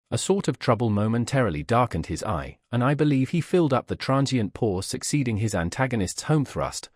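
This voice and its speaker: A man reads a classic novel aloud in measured, literary narration. His pitch sits in the middle but moves in a lively way. The recording is dry and close, with no room sound at all. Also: breathy edge, no echo. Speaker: audiobook narrator.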